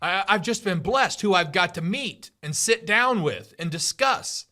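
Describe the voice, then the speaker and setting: A man's voice: sits high, animated, unhurried, bright, forceful tone. A middle-aged man hosting a podcast, giving an emphatic motivational monologue with lots of repetition. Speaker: podcast host.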